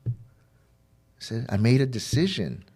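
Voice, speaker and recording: Here the man speaks at a medium pitch with big swings, a measured pace, and a slightly mellow, husky quality. As a podcast guest, he shares his recovery story in heartfelt fashion, candidly, stumbling through fillers and restarts while voicing the dialogue himself.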